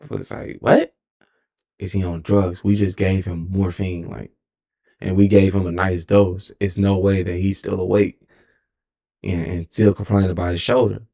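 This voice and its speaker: A Texan man in his twenties, a streamer, tells a rambling, profane story casually, often correcting himself along the way. His low voice is creaky and mellow, with a flat delivery at a moderate pace.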